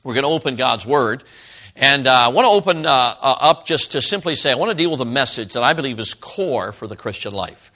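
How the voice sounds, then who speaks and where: A man's voice: mid-range voice, animated, a little fast, sharp tone. A middle-aged man from Chicago, a traveling evangelist preaching a sermon to a congregation in a folksy, chatty way that draws the listeners in. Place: church service.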